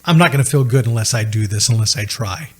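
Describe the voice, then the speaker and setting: A man's voice: medium pitch, fast, husky. A middle-aged man telling a personal story as a podcast guest, acting out the voices of the people he quotes.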